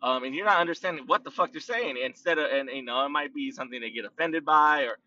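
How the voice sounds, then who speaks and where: A man rambles through his own podcast, circling back with plenty of fillers and stretched-out words. His voice sits a bit high and sounds bright and edgy. The recording is dull and set back from the mic, as if he sits across the room. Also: no echo, distant mic. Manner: loose, drawn-out speech with many fillers and restarts. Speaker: podcast host. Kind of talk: casual rambling monologue.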